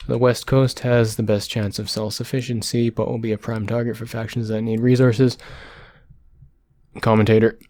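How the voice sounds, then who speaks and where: A man from Canada reading text aloud with halting, self-correcting delivery and apologetic spoken asides, his voice going hoarse, close to the microphone. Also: mid-range voice, little pitch movement, warm tone. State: voice going hoarse from long talking. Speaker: solo podcaster. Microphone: microphone close to the mouth.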